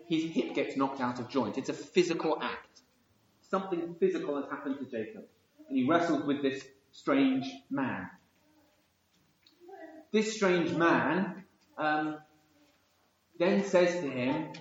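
A man teaching an evening Bible study, explaining at length and thinking aloud with frequent ums and restarts. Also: a little high. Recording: very echoey room, dull lo-fi sound.

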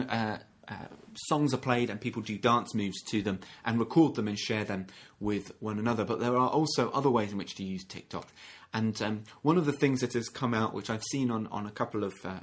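A man giving a gentle, reflective sermon, often restarting phrases and acting out short quotes. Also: fairly low pitch. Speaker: minister.

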